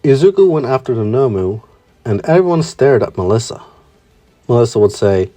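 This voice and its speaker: A man's voice: medium pitch, big pitch swings, moderate pace, mellow. A man narrating fan fiction.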